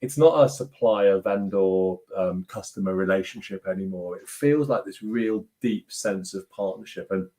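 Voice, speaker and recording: A man's voice: sits low, moderate pace, few pauses, warm tone. A man hosting a casual video-call conversation, rambling and restarting his sentences.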